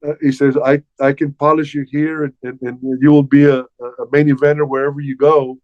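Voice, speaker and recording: Older man, interview guest. Animated storyteller, stumbles and repeats words. Mid pitch, dull, dry recording. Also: fairly quick, no echo. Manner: animated, repeats words while recounting past dialogue. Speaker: interview guest, former wrestler. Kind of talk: casual storytelling. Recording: dull, slightly muffled dry sound.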